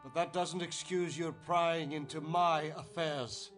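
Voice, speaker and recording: A man's voice: a little high, steady tone, a little slow, a bit bright, faint music behind. A man voicing a haughty, secretive middle-aged aristocrat in a video game, speaking with a Scottish accent in a stiff, condescending way.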